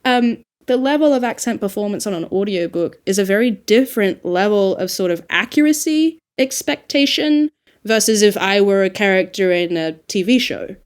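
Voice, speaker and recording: A woman with an Australian accent, an audiobook narrator talking through her craft in a casual, animated podcast discussion. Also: medium pitch, normal speed. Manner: animated, reflective, frequent laughs and fillers.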